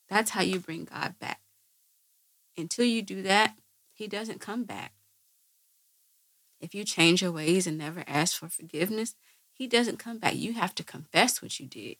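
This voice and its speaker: A woman's voice: lowish voice, gravelly, fairly bright tone, husky, no room sound. A woman host answering viewer questions with earnest religious teaching, often asking rhetorical questions and checking with "right?".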